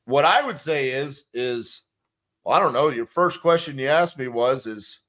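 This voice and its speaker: A man's voice: medium pitch, expressive, moderate pace, fairly bright tone. A man coaching sales who breaks down a calling script bluntly and emphatically, with some profanity. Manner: acts out both sides of phone calls. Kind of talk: instructional commentary on a sales script.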